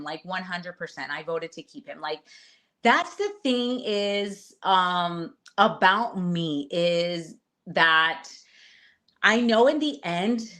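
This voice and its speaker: Animated woman telling a story. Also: on the low side. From Latina. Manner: animated, swearing, acts out quotes loudly. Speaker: reality show contestant guest. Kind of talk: casual interview storytelling.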